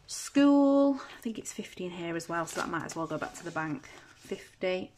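A woman chatting casually at home as a budgeting vlogger, counting banknotes aloud in a steady patter. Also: lowish voice, normal speed, slight background noise. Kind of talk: casual chat while counting cash.

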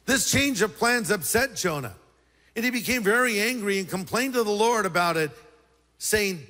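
A man preaching a sermon as pastor, lively and joking with the congregation. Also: high voice, moderate pace, in a large hall.

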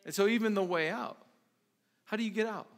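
A man's voice: sits high, brisk. A male pastor preaching a sermon in a conversational way, with lots of restarts and sudden emphatic bursts.

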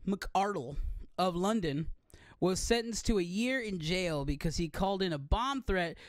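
A man's voice: sits high, expressive, a little slow, no echo, studio quality. A young man co-hosting a comedy podcast, laughing often and slipping into mock gangster voices. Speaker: podcast co-host. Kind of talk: casual comedic chat.

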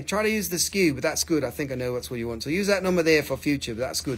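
A man's voice: on the high side, lively intonation, quick pace, hardly any pauses, husky. A man from the Appalachian region of the US hosts a live mineral sale in a joking, rambling way, cussing freely. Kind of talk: casual live-stream selling.

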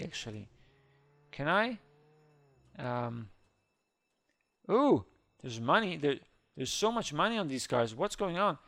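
A man hosting a gaming video, chattering excitedly through live gameplay commentary with small slips in his English. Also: a little high, unhurried, pauses often. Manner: excitable, narrates his own actions, squeals when scared.

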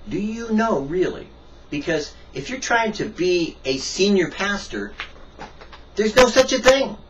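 A man preaching a devotional message with a lively, sharply rising pitch and emphatic delivery. He sounds set back from the mic. The recording is dull with a faint hiss behind him. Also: recorded from a distance. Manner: emphatic, with sudden rises and quiet asides. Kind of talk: devotional sermon.

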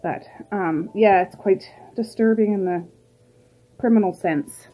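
A woman's voice: mid-range voice, measured pace, dark tone, rough recording. A middle-aged woman chatting casually through her day in a vlog, rambling to the camera and talking to her pets and birds. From Nova Scotia, Canada. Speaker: vlogger.

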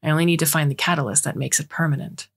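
A woman reading the lines of an alien entity that speaks inside a mind, plain and measured. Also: deep voice, fairly even intonation, breathy edge. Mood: flat.

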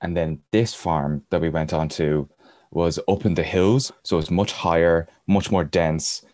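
A man's voice: low voice, steady tone, measured pace, a little mellow, dry recording, clean studio sound. A man, a podcast guest, telling a rambling travel anecdote in casual storytelling style and chuckling as he goes.

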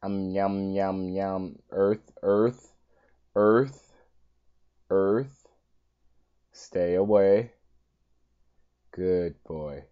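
A man giving let's play commentary on a game, talking to the screen, coaxing and pleading over and over, with sudden high exasperated outbursts. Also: very slow, long pauses, smooth, lo-fi sound. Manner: talks to the game, pleading and coaxing with lots of repetition; exasperated outbursts, voice jumping high when upset. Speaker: gaming channel host.

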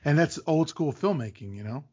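A man's voice: a little high, animated, brisk, mellow, slightly rough, dull audio. A man hosting a podcast, eagerly explaining film trivia in casual chat. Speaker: podcast host.

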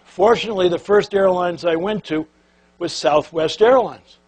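Older male speaker, high-pitched, folksy and lively, acts out the characters in his stories. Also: normal speed. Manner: animated, folksy, acts out quotes and quacking sounds. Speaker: keynote speaker. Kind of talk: storytelling speech to an audience.

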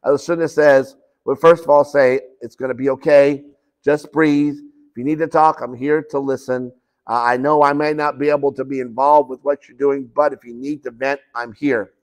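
A man's voice: medium pitch, steady tone, moderate pace. A man preaching a conversational sermon in a church, often restarting phrases and acting out quoted conversations. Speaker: pastor. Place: church sanctuary.

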